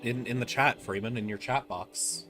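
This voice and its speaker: A man's voice: mid-range voice, normal speed, sharp tone, soft background music. A man chatting casually while guiding a friend through a co-op game, patiently explaining mechanics step by step. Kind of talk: casual gameplay chat.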